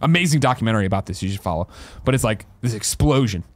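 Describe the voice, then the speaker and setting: A man's voice: lowish voice, animated, very fast. A man in his thirties from the American Midwest, a podcast host telling a comic story with lots of laughing and swearing.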